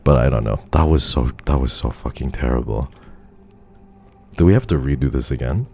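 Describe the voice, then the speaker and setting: A man's voice: very deep voice, normal speed, gravelly, darkish tone, slight background noise. A male streamer giving live commentary on a game, talking to his chat and swearing in frustration.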